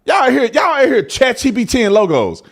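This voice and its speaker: A man hosting a live news commentary show, animated and joking, talking straight to his viewers. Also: extremely high pitch, fairly quick.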